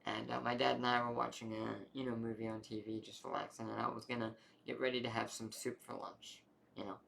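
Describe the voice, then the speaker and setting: A young adult man casually telling a long personal health story, rambling and animated, with many fillers. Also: medium pitch, a little fast, vocal fry, a little hiss or hum.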